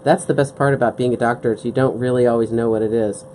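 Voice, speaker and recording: On a live craft stream, a woman teaches beading from her work table, patiently walking through each step and often asking "okay?" Her very deep voice is warm and steady, and she speaks fast over slight background noise.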